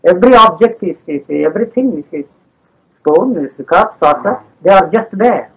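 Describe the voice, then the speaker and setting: High-voiced insistent man. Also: lively intonation, normal speed, breathy edge, lo-fi sound. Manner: insistent, emphatic repetition, frequent "you see". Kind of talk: philosophical dialogue.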